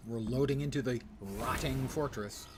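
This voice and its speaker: A man's voice: medium pitch, normal speed, slight background noise. A man giving casual gameplay commentary as a streamer, playful and rambling, often dropping into muttered, half-whispered asides. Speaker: game streamer.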